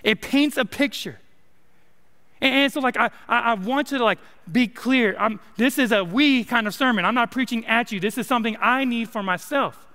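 Young male preacher, smooth and high, in a reverberant church hall. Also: normal speed, bright, forceful tone. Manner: casual, joking preaching with many likes and rights. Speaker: college minister. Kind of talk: sermon. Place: church sanctuary.

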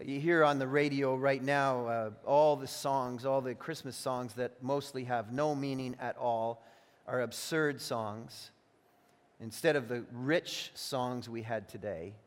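A man preaching a sermon as a pastor, emphatic, stretching out key phrases and often doubling words as he restarts. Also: medium pitch. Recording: long reverb of a large hall.

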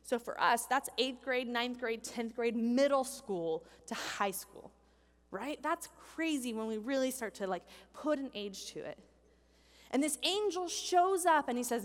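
Animated woman preaching in a reverberant hall. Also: a little high, a little slow. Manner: animated, acts out voices of people in the story. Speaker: pastor. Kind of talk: sermon. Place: church hall with a congregation.

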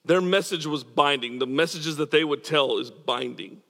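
A man's voice: a little high, normal speed, fairly bright tone, big-room sound. A man preaching a sermon as pastor, earnest and emphatic, repeating words as he drives points home. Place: church.

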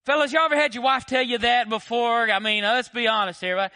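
A pastor preaches in a high, bright voice. He keeps it animated and conversational, tossing rhetorical questions to the congregation. The sound is dry and close. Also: brisk, few pauses, no echo. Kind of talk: sermon.

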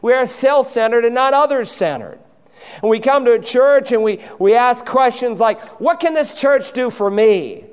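A man's voice: very high voice, lively intonation, normal speed, clean tone, in a large hall. A man preaching a sermon from a church pulpit, driving his points home and acting out the voices in the stories he tells. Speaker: pastor. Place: church sanctuary.

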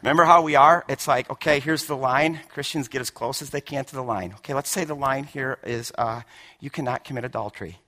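A man preaching a sermon with emphasis, often repeating words and swinging from hushed lines to shouted ones. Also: medium pitch, fairly quick. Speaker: pastor.

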